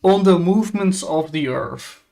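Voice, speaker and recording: A man's voice: a little high, measured pace, vocal fry, dark tone. A man co-hosting a stream in casual chat, with brief, laid-back remarks. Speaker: stream co-host.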